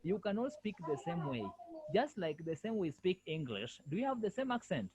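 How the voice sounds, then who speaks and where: A man's voice: sits high, big pitch swings, moderate pace, a little mellow. A male French language lecturer giving an online lesson over a video call, repeating himself and firmly correcting students. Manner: repetitive, firm corrections.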